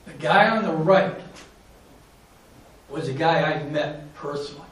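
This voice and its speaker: A man's voice: on the high side, unhurried, fairly bright tone. A man giving a folksy, earnest presentation about charity work, telling stories to an audience. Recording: echoey room with faint ambience.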